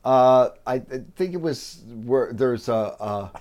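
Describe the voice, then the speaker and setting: A man's voice: medium pitch, lively intonation, slow pace, a little mellow. A man hesitantly telling a joke and chatting casually as a show co-host. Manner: hesitant, trailing off, self-deprecating. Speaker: podcast co-host, musician. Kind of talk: casual chat.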